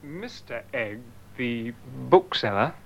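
Polite, bewildered young man, slow and lively in tone. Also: medium pitch. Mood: polite, puzzled. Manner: slow, polite, with awkward laughs. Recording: dull lo-fi old tape.

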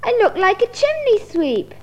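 A woman's voice: extremely high pitch, very animated, normal speed, lo-fi sound. An actress voicing a dismayed woman with a sooty nose in a comic sketch for language learners.

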